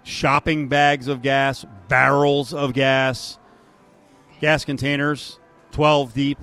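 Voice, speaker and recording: A man's voice: medium pitch, level tone, slow pace, a bit bright, smooth. Man, sports radio host, casual betting talk, dry sarcastic banter, faint music underneath.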